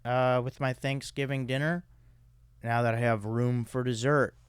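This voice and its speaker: Male podcast host, smooth resonant voice, rambling casual chat, dry close sound. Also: medium pitch, steady tone, unhurried, no room sound. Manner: rambling, hesitant, many fillers.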